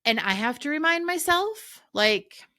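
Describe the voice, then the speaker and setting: Bright-voiced chatty woman coach. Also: sits high, very animated, a little slow. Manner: chatty, warm coaching tone with frequent asides. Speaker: life coach and podcast host. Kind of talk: casual solo podcast talk.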